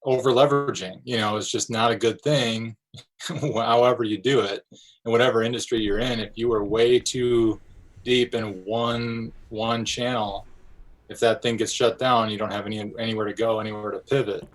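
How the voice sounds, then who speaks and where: Man, lowish voice, thoughtful casual talker. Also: fairly even intonation, moderate pace, rough recording. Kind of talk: casual live chat.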